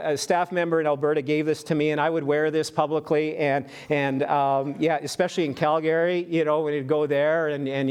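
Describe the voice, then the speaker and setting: A pastor from western Canada preaching a sermon in a lively, animated way, often restarting and repeating his words. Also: on the high side.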